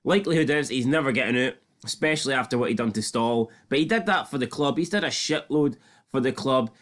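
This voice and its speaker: A man's voice: medium pitch, quick pace. Chatty, jokey man. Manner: chatty, jokey, swears freely. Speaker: podcast co-host. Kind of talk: casual TV recap chat.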